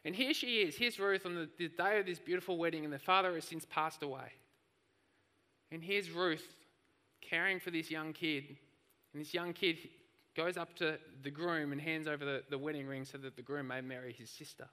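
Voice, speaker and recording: Bright-voiced preacher in a church hall. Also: male voice, fairly high pitch, moderate pace, smooth. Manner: animated storytelling preacher. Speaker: pastor. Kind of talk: sermon.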